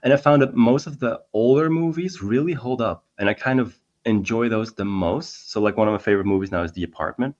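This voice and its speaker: A man's voice: medium pitch, fairly quick, few pauses, darkish tone. A man co-hosting a casual chat, telling trivia stories with lots of fillers and restarts. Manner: rambling anecdotes with many fillers. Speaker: podcast co-host. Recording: dull lo-fi sound.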